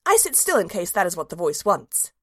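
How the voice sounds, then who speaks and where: A woman's voice: fairly low pitch, huge pitch swings, brisk, a bit bright, slightly rough, no echo, studio quality, voice pushed down, full character voice. A woman narrating a storybook in the voice of a cheerful, simple-minded little dog, earnest and childlike.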